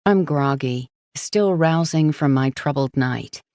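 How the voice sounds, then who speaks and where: Low, slow woman reading an audiobook. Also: no echo, studio quality. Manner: hushed and brooding. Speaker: audiobook narrator. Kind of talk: first-person audiobook narration.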